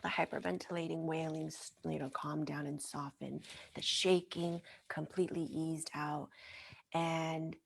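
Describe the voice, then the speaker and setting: A woman who works as a mind-body wellness trainer, telling a story as a guest in an interview in a gentle, earnest way. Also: deep voice, flat delivery, a little slow, creaky.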